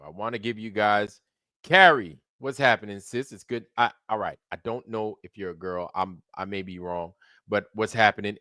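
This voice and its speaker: A man hosting a livestream in loose, slangy casual chat, shouting out viewers by name. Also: on the low side, clean tone, dry recording, studio quality. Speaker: livestream host.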